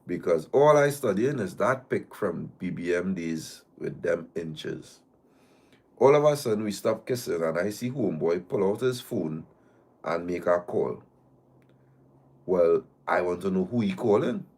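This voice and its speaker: A man's voice: deep voice, lively intonation, measured pace, darkish tone, breathy edge. A man, hosting a live stream and reading a listener's story aloud in the first person, breaking in with teasing asides.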